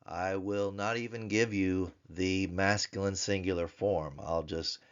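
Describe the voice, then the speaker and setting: A man teaching Biblical Hebrew grammar in a recorded lesson, explaining slowly and chanting word forms in a sing-song voice. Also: low-pitched, steady tone, clear, resonant tone, muffled recording. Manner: slow, deliberate explanations.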